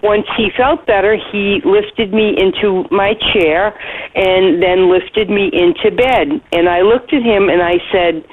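A middle-aged woman leaving a voicemail, telling a heartfelt personal story in a slow, earnest way with soft pauses. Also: medium pitch, slightly rough. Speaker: listener leaving voicemail feedback. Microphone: phone. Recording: tinny phone line, faint hiss.

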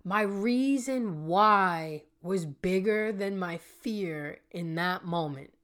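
A woman's voice: mid-range voice, slow, fairly bright tone. A woman in her thirties hosting a podcast, telling a personal story and speaking earnestly and directly to her listeners. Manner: earnest, addresses listeners directly as "you guys". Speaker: podcast host and healing coach.

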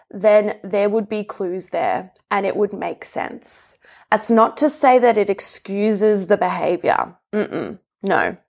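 Earnest conversational woman. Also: mid-range voice. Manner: conversational, earnest, with laughs and asides. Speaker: relationship speaker. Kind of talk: reflective explanatory talk.

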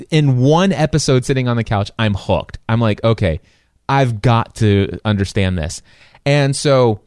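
A man co-hosting a podcast, telling a story in casual chat with animated asides. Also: fairly low pitch, dry recording, studio quality. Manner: animated, quick asides, acts out his own reactions. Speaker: podcast co-host.

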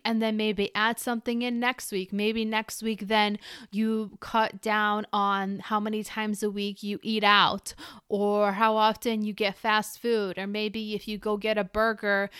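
A woman's voice: mid-range voice, a bit bright, clear, resonant tone, no echo. A woman hosting a solo podcast as a keto coach, chatty and encouraging, talking straight to the listener from a close mic. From Ukrainian family.

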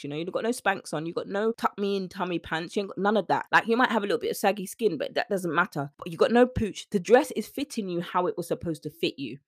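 A woman hosts a solo coaching podcast. Her voice sits in a middle register, and she talks in an animated way, slipping into short acted-out scenes. The sound is dry and close, with no room around it. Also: medium pitch, no room sound. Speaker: weight-loss coach and podcast host.

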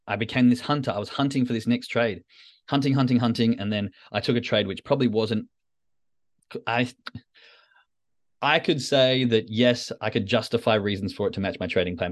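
A man hosting a solo podcast, talking candidly and self-critically with frequent restarts. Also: lowish voice. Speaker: podcast host, trader. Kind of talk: reflective solo podcast talk.

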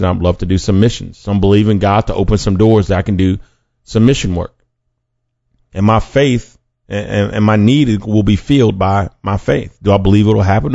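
A man with a low, gravelly voice preaches a podcast sermon in an earnest, conversational way and often restarts mid-sentence. The sound is dry and dull, with a lo-fi feel. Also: dark tone, dry recording.

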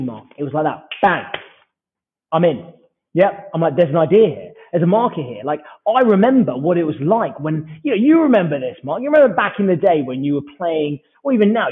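A British man in his forties tells stories with animated energy, acting out each exchange of dialogue. His voice is a touch high and slightly husky, and it comes through a tinny, phone-like line. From United Kingdom. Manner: animated anecdotal storyteller who acts out dialogue. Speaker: startup founder, podcast guest. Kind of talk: casual storytelling interview.

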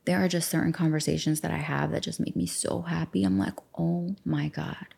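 Speaking fast in a low, gravelly, slightly rough voice with a darkish tone and fairly even intonation, a life coach hosts a self-help podcast from a studio mic. She leads a casual journaling session, chatty and encouraging, and plays out her own thoughts.

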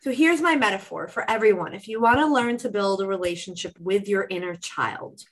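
A woman talking as a guest on a podcast, warm coaching chat that acts out inner voices with lively shifts. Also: medium pitch, brisk, poor audio. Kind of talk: casual interview chat.

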